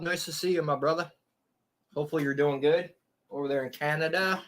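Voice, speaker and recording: A man's voice: a little high, fairly even intonation, a little fast. A man live streaming and chatting casually with his viewers, rambling in a crude and profane way.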